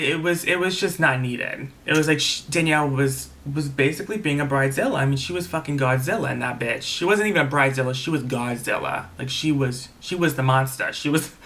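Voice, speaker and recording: A man's voice: a little high, pushed and bright. A man casually recapping a reality TV episode, chatty and gossipy, swearing freely and saying "like" a lot. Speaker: TV episode reviewer.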